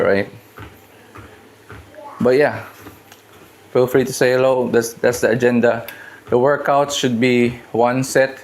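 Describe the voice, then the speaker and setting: A man hosting a casual fitness live stream from his home gym, talking in a loose, rambling and joking way. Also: mid-range voice. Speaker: fitness livestream host.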